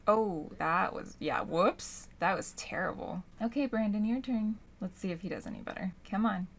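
A young woman casually commenting on her own gameplay, gushing and squealing with excitement. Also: mid-range voice, moderate pace, creaky. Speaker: gaming channel host.

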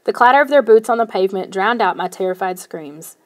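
A woman narrating a first-person children's novel in a steady storytelling manner. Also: mid-range voice, brisk. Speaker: audiobook narrator.

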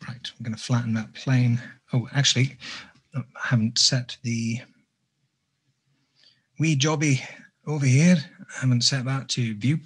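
A man's voice: medium pitch, steady tone, unhurried, long pauses, breathy edge. A man giving a live sculpting tutorial, chatty and self-deprecating, drifting into jokey asides. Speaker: sculpting instructor.

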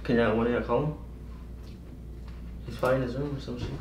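A man's voice: mid-range voice, steady tone, fast, a little mellow. A man from the Dominican Republic, hosting a vlog and chatting casually with friends in a laid-back, slangy way. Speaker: vlogger host. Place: hotel room. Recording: echoey room from far off with noise.

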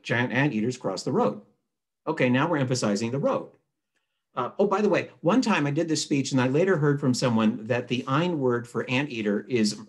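A man, a newspaper editor, giving a relaxed, chatty writing lesson over a video call, reading example sentences aloud to show their rhythm. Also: mid-range voice, breathy edge. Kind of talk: conversational online writing lesson. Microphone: computer mic on a video call.

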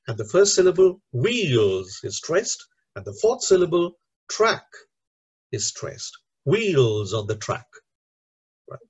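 Slow, husky-voiced man teaching. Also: mid-range voice, a little mellow, lo-fi sound. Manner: explains step by step, often checks with "right?". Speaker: teacher trainer. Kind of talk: recorded lecture to teachers.

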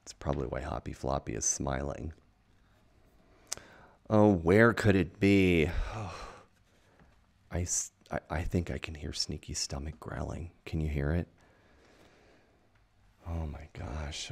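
A man's voice: deep voice, gravelly, darkish tone. A man reading a children's picture book aloud in a playful, chatty, enthusiastic way.

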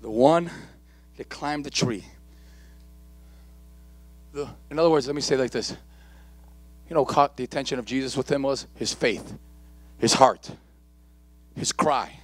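A male pastor preaching a live church sermon with impassioned repetition and calls to the congregation, at times shouting, at times dropping low. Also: measured pace, pauses often. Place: church sanctuary during a live service.

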